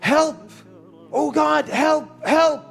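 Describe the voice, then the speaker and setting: A man voicing a terrified man who hangs from a cliff and shouts desperately for help. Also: extremely high pitch, big pitch swings, slow pace, soft background music, pitched above the performer's own voice, exaggerated voice. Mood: desperate shouting.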